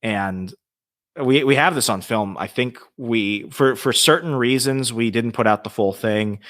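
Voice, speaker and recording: A man telling a ghost story as a podcast guest, lively and swearing freely. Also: mid-range voice, measured pace. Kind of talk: casual storytelling.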